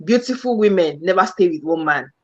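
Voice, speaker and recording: Middle-aged woman chatting, halting, lo-fi. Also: on the low side, animated. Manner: repeats words while searching, asks "you understand?". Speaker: channel host. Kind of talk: casual conversational chat.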